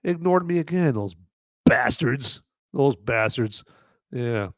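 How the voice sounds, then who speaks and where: A man hosting a live podcast, chatting in a rambling, jokey way with sudden loud, shouty bursts. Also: medium pitch, lively intonation, slow pace, pauses often, dry recording, clean studio sound. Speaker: podcast host. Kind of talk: live-stream movie review chat.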